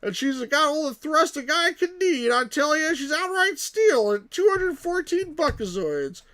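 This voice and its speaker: A man voicing a slick used-spaceship salesman with a Texan accent, in a loud, drawling sales pitch. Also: very animated, unhurried, full character voice. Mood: eager pitch.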